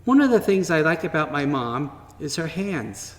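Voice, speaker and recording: A man slowly and gently reading a children's story aloud at church, in a wondering tone with pauses. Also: on the high side, big pitch swings. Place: church sanctuary. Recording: long reverb from a large hall.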